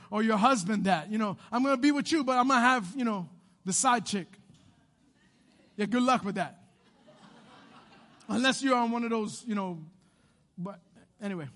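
A man pastor preaching a sermon, swinging between loud animated bursts and hushed quiet passages. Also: very high-pitched, normal speed.

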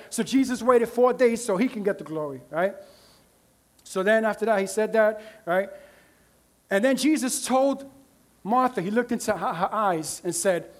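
A man preaching a sermon as pastor, in a conversational style with frequent "right?" asides to the congregation. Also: very high voice.

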